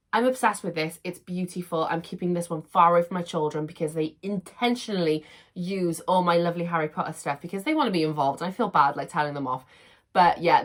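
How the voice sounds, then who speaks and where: A young woman with a gushing, excitable manner, chatting casually as she unboxes items at home. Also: fairly low pitch. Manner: gushing, excitable, laughs often. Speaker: unboxing vlogger.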